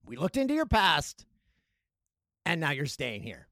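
A man's voice: a little high, huge pitch swings, a little slow, fairly bright tone, no echo, clean studio sound, exaggerated voice. A man voicing a smug male jail official who taunts a tricked volunteer, in a gloating, mocking tone. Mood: taunting.

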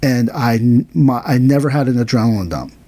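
His medium-pitched voice moves briskly, with no echo in the recording. He's a podcast host and aikido teacher telling a casual, animated story, acting out quoted dialogue in a livelier, raised voice.

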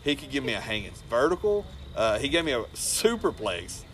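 A man hosting a casual talk around a campfire, telling animated stories, swearing freely and laughing as he goes. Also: medium pitch, fairly quick, a little hiss or hum. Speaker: podcast host and wrestler. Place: outdoors around a fire.

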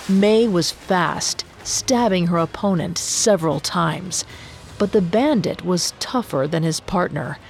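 A woman narrating a story in a slow, dramatic storytelling manner. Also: lowish voice, lively intonation, vocal fry, faint music behind.

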